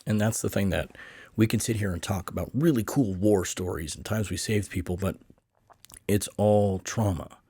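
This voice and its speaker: Deep-voiced podcast host, dry sound. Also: male voice, moderate pace, dark tone, breathy edge, dry recording. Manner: earnest, asks long searching questions. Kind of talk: podcast interview.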